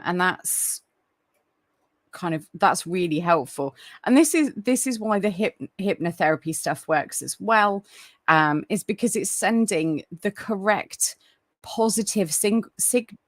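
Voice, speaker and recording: A woman's voice: fairly low pitch, no room sound. A woman hosting a casual live stream, chatty and apologetic, with lots of ums and restarts. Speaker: livestream host.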